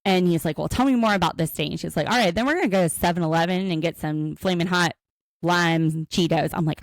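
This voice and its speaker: A woman's voice: on the low side, fast, dry recording. A woman co-hosting a podcast, recapping a reality show in casual chat and acting out the cast's lines as she tells it. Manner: animated storytelling, acts out quotes. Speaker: podcast co-host.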